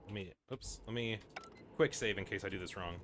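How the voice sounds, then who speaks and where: A man's voice: lowish voice, brisk, a bit bright, a little hiss or hum. A man streaming a video game, chatting casually with lots of fillers and wry asides. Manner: rambling, filler-heavy, wry. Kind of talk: casual gameplay commentary.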